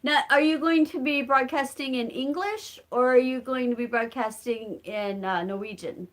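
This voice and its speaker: A woman's voice: high voice, normal speed. A woman with a Southern Illinois accent hosting a casual live-stream chat, answering viewers by name and laughing often. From Southern Illinois, rural community. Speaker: channel host reading live chat.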